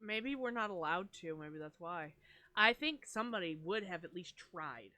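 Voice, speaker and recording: A young woman co-hosting a casual podcast chat, giggly and animated, acting out her own reactions as she tells stories. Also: on the low side, normal speed. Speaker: podcast co-host.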